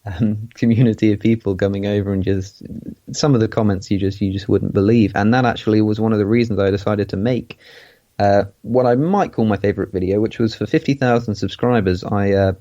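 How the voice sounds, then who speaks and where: English guy being interviewed, lowish warm voice, lots of ums, kinda dull lo-fi sound. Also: steady tone. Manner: thoughtful, pausing often with ums. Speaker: guest. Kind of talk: casual interview talk.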